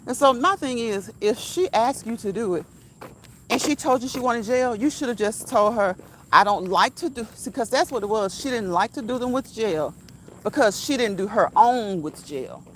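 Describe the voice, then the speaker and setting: A woman's voice: on the high side, lively intonation, normal speed, slight background noise, poor audio. A woman talking casually to her viewers while out on a walk, stressing her points by repeating them. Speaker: vlogger. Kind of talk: casual walk-and-talk monologue. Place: outdoors while walking.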